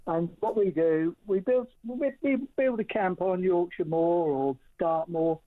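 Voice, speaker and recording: An older man calling in to a radio show, plain-spoken and low-key. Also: unhurried. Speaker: caller. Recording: tinny phone line.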